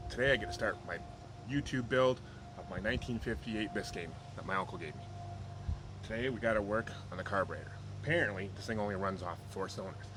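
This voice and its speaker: A man's voice: fairly low pitch, fast talker. A man chatting casually in his car-repair vlog, rambling and joking offhandedly. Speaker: car hobbyist vlogger. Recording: noisy home video with steady background noise.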